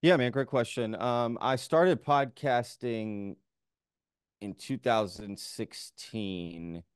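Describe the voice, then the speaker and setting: A man's voice: medium pitch, slow, clear, resonant tone, no echo, studio quality. A man who hosts his own podcast, talking as a guest in an enthusiastic, laid-back way. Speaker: podcast host appearing as a guest. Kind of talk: casual conversation.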